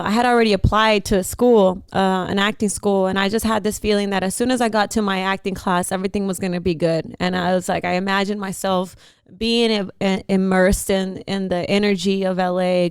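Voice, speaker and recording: A young woman from Houston, an actress, chatting as a guest in an interview and telling her story in a lively, animated way. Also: mid-range voice, clean tone, dry recording. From Houston, Texas. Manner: animated storyteller with frequent laughs. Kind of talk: casual interview chat.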